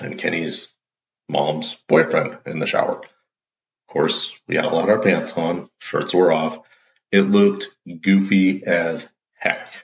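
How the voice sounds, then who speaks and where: A man's voice: sits low, vocal fry, fairly bright tone. A man hosting his own show, telling a playful story in a casual, upbeat monologue. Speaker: show host. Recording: roomy, dull lo-fi audio.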